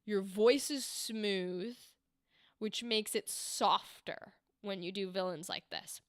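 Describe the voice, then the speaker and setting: A woman's voice: medium pitch, slow pace, no echo, studio quality. A woman hosting a livestream, chatty and enthusiastic, giving voice acting feedback and acting out example lines. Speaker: livestream host and voice acting coach.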